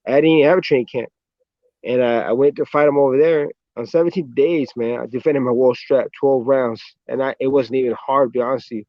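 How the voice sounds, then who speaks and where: An American pro boxer, a guest in a casual interview, tells laid-back stories at a brisk pace, swearing freely and often ending lines with "man." His mid-pitched voice sounds close and dry, with no room sound, through a dull, muffled video call.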